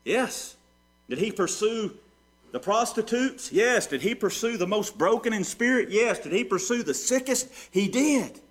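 Male pastor preaching, slightly high voice, wide swings from quiet to loud, rhetorical questions. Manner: preaching with sweeping swings between soft and loud; asks rhetorical questions and answers them. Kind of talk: sermon.

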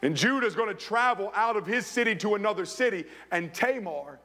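High-voiced preacher in a reverberant church. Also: male voice, expressive, sharp tone. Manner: preaching with dramatic pauses and emphasis. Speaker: pastor. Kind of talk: sermon. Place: church sanctuary.

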